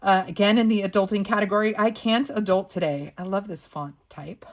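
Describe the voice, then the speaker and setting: A woman's voice: medium pitch, brisk. A woman, casually flipping through sticker books and reading the quotes aloud with playful sass and frequent laughs. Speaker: planner and sticker channel host.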